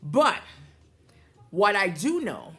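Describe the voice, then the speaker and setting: A woman's voice: medium pitch, sing-song, drawn-out words, a bit bright. An American woman talking straight to camera in a casual vlog, telling a story earnestly and with emphasis. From United States. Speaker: vlogger.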